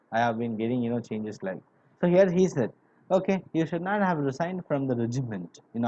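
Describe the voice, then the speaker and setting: Mellow-voiced male teacher explaining a story. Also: mid-range voice. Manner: explains word by word, many "you know" fillers. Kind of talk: classroom literature lesson. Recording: dull lo-fi recording.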